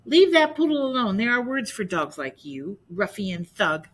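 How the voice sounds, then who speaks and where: A feisty talking female dog, voiced by a woman in a storybook read aloud, scolding a bigger dog with loud, punchy words. The voice is raised and bright, with a lively, swooping pitch. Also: unhurried, a little hiss or hum. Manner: scolding, emphatic.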